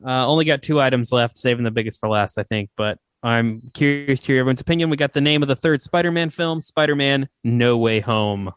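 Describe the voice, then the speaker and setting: A man's voice: medium pitch, fairly quick, hardly any pauses, smooth, dry recording, clean studio sound. A man hosting a podcast, chatting casually and giving opinions with lots of fillers. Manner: relaxed, opinionated, many fillers. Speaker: podcast host. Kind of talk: casual chat.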